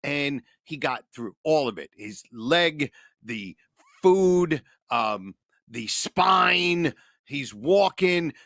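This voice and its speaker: Man telling a halting story, dry mic. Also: on the high side, animated, a bit bright, no room sound. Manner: halting storyteller, searches for words. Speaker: podcast co-host. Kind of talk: casual chat.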